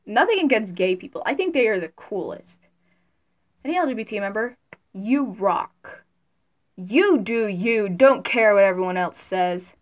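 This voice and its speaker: A young woman vlogging casually about her favorite creators, giggly and excitable, with sudden loud bursts. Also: medium pitch, measured pace. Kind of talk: casual fan commentary.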